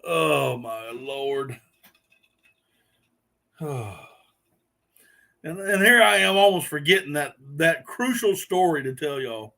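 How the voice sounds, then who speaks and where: A man with a fairly high voice chats slowly on a casual live stream. He breaks into helpless laughter and long, drawn-out sighs and exclamations as he greets viewers by name. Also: lively intonation, creaky, sharp tone. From Southern US. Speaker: host.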